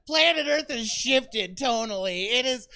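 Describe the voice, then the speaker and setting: A man's voice: extremely high pitch, lively intonation, a little slow, sharp tone. A man doing stand-up comedy in a small theater, ranting in an exasperated, self-deprecating way to a live audience.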